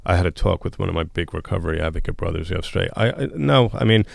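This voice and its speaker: Very deep gravelly man telling his story. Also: expressive, quick pace, no echo, studio quality. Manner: blunt, emotional, with frequent restarts and quoted dialogue. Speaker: guest. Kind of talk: candid storytelling in a podcast interview.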